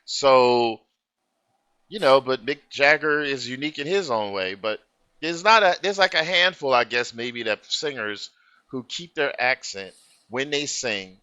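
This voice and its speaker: Insistent man, bright tense voice. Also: medium pitch, measured pace, clear, resonant tone. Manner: insistent, argues a point. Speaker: reaction channel co-host. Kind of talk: casual chat. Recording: dull lo-fi sound.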